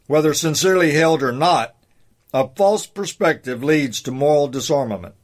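A man reading his own essay commentary aloud in a measured, deliberate way, slowing down to stress his points. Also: a little high.

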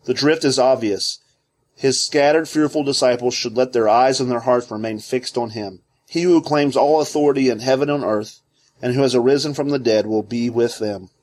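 Man reading theology with measured delivery. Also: medium pitch, darkish tone. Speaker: reader of a theology book. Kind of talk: scripted narration.

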